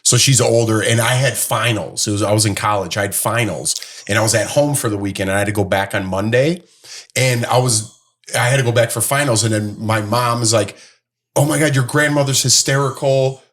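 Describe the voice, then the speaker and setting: A man in his thirties co-hosting a casual podcast chat, telling a story and acting out the quoted lines. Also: brisk. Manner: animated storyteller, acts out quotes in a higher voice. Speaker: podcast co-host.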